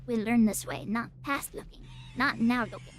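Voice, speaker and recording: A woman's voice: fairly high pitch, moderate pace, slight background noise, natural voice. A woman voicing a small rat-like creature elder who gives earnest advice in broken, simple speech.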